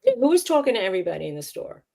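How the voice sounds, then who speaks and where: A woman's voice: medium pitch, big pitch swings, racing, vocal fry, mellow. A woman co-hosting a casual chat between friends, telling rambling anecdotes and laughing easily. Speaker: co-host.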